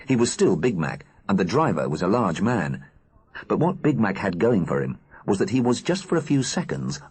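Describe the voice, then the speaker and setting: A man reading an audiobook aloud in an expressive, animated narrating style. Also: lowish voice, slightly rough. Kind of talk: scripted narration.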